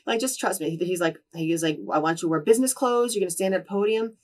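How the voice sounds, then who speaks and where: A woman in her twenties as an interview guest, telling candid stories with lively quoted voices and frequent swearing. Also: medium pitch, rapid-fire, recorded from a distance. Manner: animated, acts out quoted voices, swears freely. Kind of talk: candid storytelling in a shoot interview.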